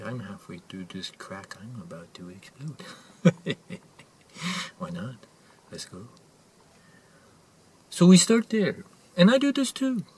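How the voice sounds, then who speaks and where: A man playing an intense, earnest male motivational guru who speaks broken English and swings between whispers and loud outbursts, in a character monologue to camera. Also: medium pitch. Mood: excited. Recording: distant mic with faint ambient noise.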